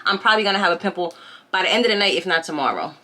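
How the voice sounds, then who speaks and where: Bright-voiced woman telling a storytime. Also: lowish voice, very fast. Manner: chatty, rhetorical questions to viewers; animated gossiping retelling. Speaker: vlogger. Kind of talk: casual storytime chat. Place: home, by a window.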